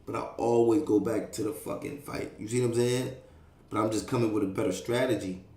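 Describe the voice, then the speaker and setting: A man's voice: fairly low pitch, fairly quick, reverberant. A young man telling a street story in a casual, profane, streetwise way, full of fillers and sound effects. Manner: streetwise, profane, animated, fillers like "you know what I mean".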